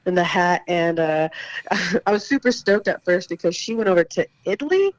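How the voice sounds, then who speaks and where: A woman's voice: on the low side, lively intonation, normal speed, poor audio. A young woman with a stuffy voice from bronchitis, a guest on a podcast, chatting casually and laughing often. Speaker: guest fighter.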